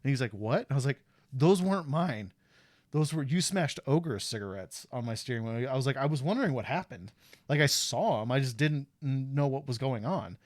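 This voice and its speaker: A man's voice: mid-range voice, fairly quick, no echo, clean studio sound. A man in his thirties telling stories on a casual stream, acting out what people said. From USA. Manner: animated storyteller who acts out quotes. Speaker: stream host. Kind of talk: casual storytelling.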